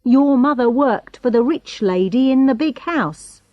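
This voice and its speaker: A woman's voice: high voice, animated, unhurried, dry recording, lo-fi sound, pitched above the performer's own voice. A woman voicing a stern male police inspector who questions suspects with pointed tag questions. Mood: probing.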